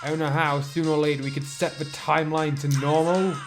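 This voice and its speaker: An earnest young hero leader, read by a man in his own voice. The voice sits fairly high, and the delivery is a plain amateur read with faint music behind. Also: level tone, brisk, natural voice.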